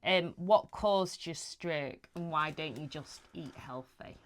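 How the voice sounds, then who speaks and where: A woman with a Yorkshire accent co-hosting a casual chat, giving short replies and reading out viewer questions slowly. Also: low-pitched.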